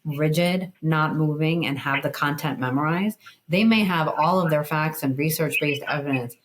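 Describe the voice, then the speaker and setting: Low-voiced woman explaining with emphasis. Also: moderate pace, slight background noise, low-quality recording. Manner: animated, emphatic explainer, frequent "like". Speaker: guest, communication educator. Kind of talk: casual conversational interview.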